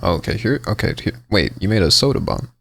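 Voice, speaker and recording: A man's voice: sits low, a little fast, gravelly, dry recording, clean studio sound. A man co-hosting a podcast, telling rambling stories in casual banter. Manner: rambling, animated storyteller. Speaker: podcast co-host.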